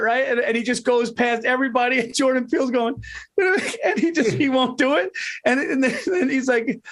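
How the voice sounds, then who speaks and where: High-voiced man, animated, laughing comic. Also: moderate pace. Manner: animated, profane retelling with laughs. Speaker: comedian podcast co-host. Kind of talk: casual podcast chat.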